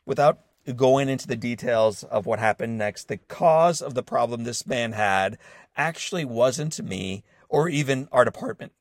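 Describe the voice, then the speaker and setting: A man's voice: mid-range voice, lively intonation, normal speed, no echo, clean studio sound. A man in his forties hosting an inspirational podcast, telling a personal story in an earnest tone and speaking straight to his listeners. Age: 40s. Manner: earnest storytelling, warm direct address to listeners. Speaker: host of a motivational podcast. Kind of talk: scripted inspirational monologue.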